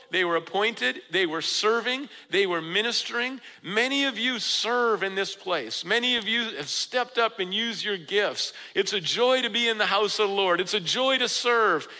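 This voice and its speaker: A man preaching a sermon as pastor, earnest, rising for emphasis and dropping low and slow. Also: bright, forceful tone, big-room sound, rough recording.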